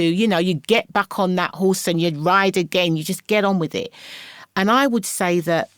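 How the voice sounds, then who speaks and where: A middle-aged English woman, a podcast guest, talking in a lively, storytelling way and acting out the voices she quotes. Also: on the low side, dry recording, studio quality. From England. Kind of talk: casual interview chat.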